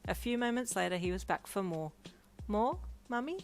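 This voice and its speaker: Woman storyteller, lower voice, expressive read-aloud, second-person fanfic. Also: fast, creaky, soft background music, low-quality recording. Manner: lively, expressive narration. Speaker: fanfic narrator.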